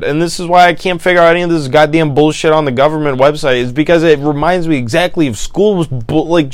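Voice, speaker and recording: A young man hosts a solo podcast and rants casually about his frustrations, cursing often. His smooth, clean voice is recorded dry, with no room sound or echo, and he swings between loud, exasperated outbursts and low, defeated mutters.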